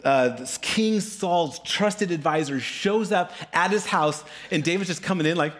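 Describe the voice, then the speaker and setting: A middle-aged man, a pastor, telling a story in a casual, animated sermon, keeps asking "right?" and acting out voices. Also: a little fast. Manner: animated, acts out voices with big pitch swings.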